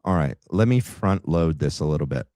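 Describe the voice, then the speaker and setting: Deep-voiced man hosting a livestream. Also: lively intonation, normal speed, a little mellow, no echo, clean studio sound. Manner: talks to the chat with rambling asides. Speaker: livestream host. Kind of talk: casual political commentary livestream.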